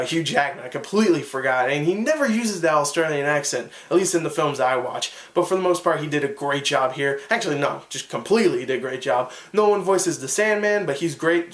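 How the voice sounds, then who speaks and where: A young man giving an enthusiastic, rambling casual film review, full of fillers and restarts. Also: on the high side. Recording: echoey room.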